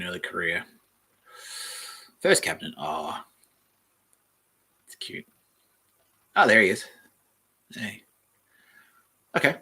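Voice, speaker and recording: A man hosts a podcast from home, reading from a screen and breaking off into joking asides. His voice is low and husky with a tense, forceful edge. His words often sink into mumbles. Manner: offhand, joking, trails off into mumbles. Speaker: podcast host. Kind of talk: rambling casual commentary while reading aloud.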